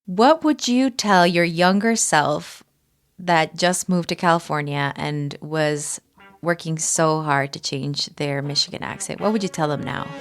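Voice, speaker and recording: A woman's voice: low-pitched, measured pace. A woman hosting a podcast, asking friendly questions and encouraging her listeners. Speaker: podcast host. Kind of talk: hosted interview and narration.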